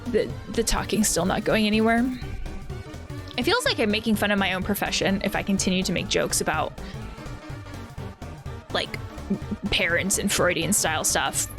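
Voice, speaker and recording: A woman who works as a counselor, giving casual commentary while playing a game, with quick exclamations and thoughtful asides. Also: medium pitch, lively intonation. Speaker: counselor playing video games. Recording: game music under voice. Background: game music.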